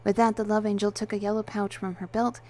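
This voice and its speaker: A woman reads a first-person story aloud with a dry, detached wryness. Her voice is mellow and dark, steady at a middle pitch. The reading stays calm and even throughout. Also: quick pace. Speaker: narrator.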